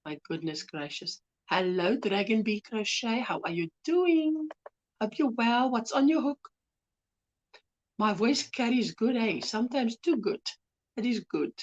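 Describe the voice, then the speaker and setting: A soft-spoken woman with a South African accent, hosting a casual crochet livestream, greeting viewers affectionately and reading their comments. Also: fairly high pitch, lively intonation, a little slow, lo-fi sound. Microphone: phone.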